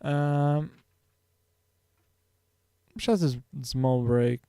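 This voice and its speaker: A man's voice: on the high side, very slow, mellow, clear, resonant tone, dry recording, studio quality. A man streaming his drawing, talking casually to himself and his viewers in a rambling, self-correcting way. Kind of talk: casual thinking-aloud while drawing.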